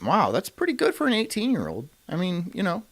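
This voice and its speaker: A man's voice: high voice, wildly swooping pitch, a little fast. A man hosting a stream, ranting in profane, incredulous commentary and laughing often. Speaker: streamer host.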